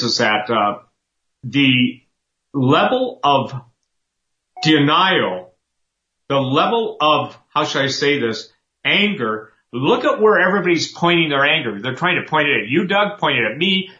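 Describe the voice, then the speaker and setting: Fervent preaching man, bright and roomy. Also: fairly high pitch, lively intonation, measured pace. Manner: fervent, emphatic, repetitive. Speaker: talk show host. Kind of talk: impassioned preaching commentary. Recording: roomy, dull lo-fi sound.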